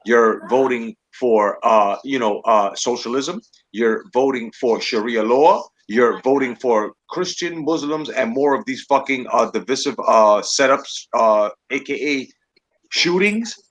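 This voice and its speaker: A man's voice: medium pitch, a little slow, a bit bright, low-quality recording. A man hosting a podcast, ranting in casual, profane political chat. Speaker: podcast host.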